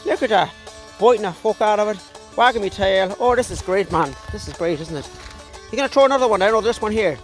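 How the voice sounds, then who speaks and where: A scrappy, tough-talking young male dog with a thick Irish accent, as his owner puts him on, calling everyone "man" between shouts. The voice is pushed well above a grown man's usual pitch, loud and jumpy, caught on a phone out in the open. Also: lively intonation, quick pace, soft background music. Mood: cocky. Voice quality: brash, foul-mouthed, says "man" a lot. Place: outdoors on a farm by a pond. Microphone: handheld phone.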